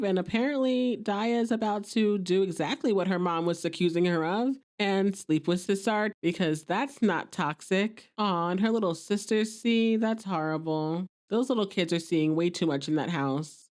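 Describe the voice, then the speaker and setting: A woman's voice: medium pitch, darkish tone. A young woman hosting a podcast, casually recapping a TV episode, chatty and sympathetic, sometimes acting out the characters' lines. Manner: chatty, reacts with sympathy and disbelief, briefly acts out quoted lines.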